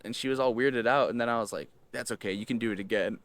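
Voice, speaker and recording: A young man spinning a casual personal story in an ordinary mid-range voice. He keeps dropping into low, quiet asides, then bursts out loud and excited, piling on fillers and slang as he goes. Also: fast, few pauses. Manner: animated, swings between low mumbles and loud excited outbursts; heavy use of filler words and slang. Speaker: host.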